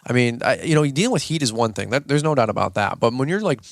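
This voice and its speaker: Fast-talking, tired man on a podcast. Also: medium pitch, creaky, no room sound, studio quality. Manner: rambling, energetic, lots of fillers and restarts. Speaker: podcast co-host, lawn care business owner. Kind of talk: casual podcast chat.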